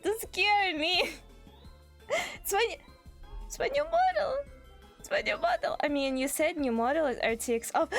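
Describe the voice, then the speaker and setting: Female streamer, shrieky and giggly, wildly swooping high voice, unhurried. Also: lively intonation, vocal fry, a bit bright, faint music behind. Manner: shrieking, laughing, frantic repetition. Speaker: VTuber streamer. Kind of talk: excited live-stream chat. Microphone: desk microphone.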